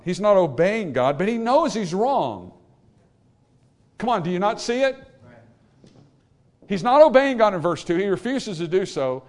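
A male preacher delivering a sermon, his voice sitting a little high for a man. He moves between quiet, careful explanation and loud, emphatic appeals to the congregation. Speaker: pastor.

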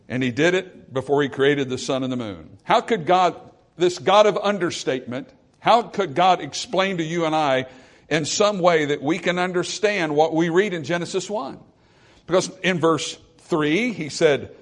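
Male pastor preaching, kinda high voice, goes big then drops real quiet. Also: expressive, moderate pace. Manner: preaching with emphatic swings between loud and hushed. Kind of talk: sermon.

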